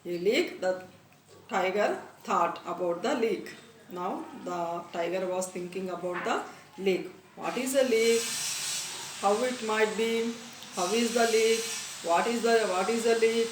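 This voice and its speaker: A woman teacher with an Indian English accent, reading a story aloud and stopping to explain words, repeating phrases slowly. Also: medium pitch. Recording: echoey room, distant mic, faint noise.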